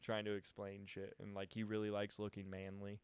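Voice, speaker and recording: A young man in a casual podcast chat, an animated storyteller who laughs often and swears freely. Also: fairly low pitch, fairly quick, smooth. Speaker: podcast participant. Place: podcast studio.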